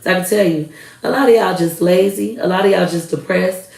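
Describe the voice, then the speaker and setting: A woman's voice: fairly low pitch, a little fast, gravelly, a little mellow, reverberant, distant mic, rough recording. A woman in her thirties ranting to camera in a blunt, heated, profane way. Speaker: vlogger. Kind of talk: casual rant to camera.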